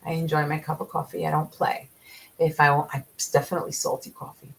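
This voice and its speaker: Woman vlogger chatting to camera, lowish voice, lots of gravelly fry, upbeat, tells viewers what to do. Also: fast talker, a little hiss or hum. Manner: chatty and encouraging, addresses viewers directly; animated, with frequent laughs. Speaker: vlogger sharing carnivore diet meal-prep tips. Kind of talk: casual talk to camera.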